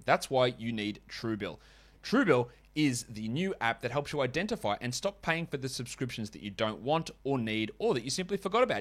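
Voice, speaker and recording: A man hosting a fantasy basketball podcast, running through stats and ad reads with chatty, wry asides. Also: mid-range voice. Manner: chatty, wry asides, quick stat rundowns. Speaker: podcast host.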